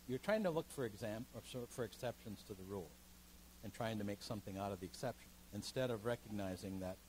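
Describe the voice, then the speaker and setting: A man's voice: medium pitch, a little hiss or hum, low-quality recording. A man, a pastor, leading a seminar in a church meeting room, teaching emphatically and taking questions. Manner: emphatic, animated teaching that takes listeners' questions.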